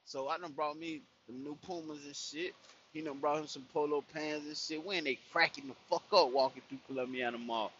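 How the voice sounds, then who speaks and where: A man's voice: a little high, fairly even intonation, brisk, a bit bright, lo-fi sound, a little hiss or hum. A young man telling a profane story in casual chat from his car, full of "you know what I'm saying". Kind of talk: casual storytelling while driving.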